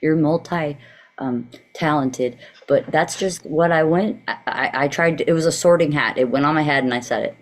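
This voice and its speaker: Woman, extremely low voice, playful and teasing in casual chat over a call. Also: moderate pace.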